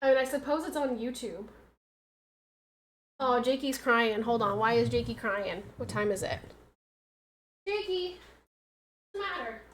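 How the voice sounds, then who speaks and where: A woman's voice: fairly high pitch, fairly even intonation, normal speed, long pauses, slight background noise. A woman livestreaming from home in a casual chat, arguing back at her chat with emphatic, insistent points.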